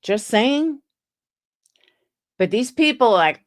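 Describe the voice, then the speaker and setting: A woman's voice: medium pitch, sing-song, measured pace. Chatty skeptical woman livestreaming. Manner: chatty, skeptical, reads messages aloud to viewers. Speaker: livestream host. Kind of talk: casual livestream commentary.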